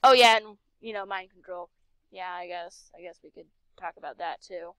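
A woman's voice: fairly low pitch, moderate pace, fairly bright tone, smooth, no echo. A young woman commenting casually as she plays a game, chatty and sarcastic, talking to herself. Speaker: game streamer.

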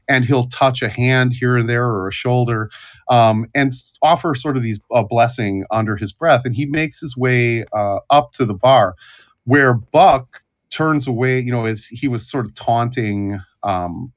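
A man narrates a tabletop game as its game master, stopping and restarting his phrases often. The sound is a touch dull and lo-fi. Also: medium pitch. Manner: halting, many restarts and fillers. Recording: dull lo-fi audio.

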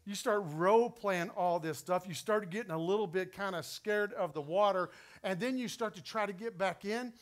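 A middle-aged man with a West Texas accent, preaching a sermon through an animated personal story that builds to emphatic peaks. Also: high-pitched, normal speed. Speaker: pastor.

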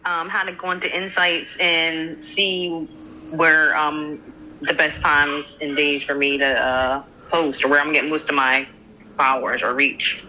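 A woman's voice: low voice, flat delivery, unhurried, sharp tone, a little hiss or hum, low-quality recording. A woman on a video call answering a question, hesitant and thinking as she speaks.

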